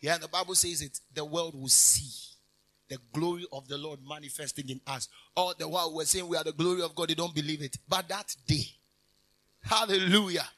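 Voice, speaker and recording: A man's voice: fairly high pitch, brisk, pushed and bright, low-quality recording. A man preaching a conversational sermon, emphatic and jokey, breaking off with hallelujahs and laughter. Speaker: minister. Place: convention hall.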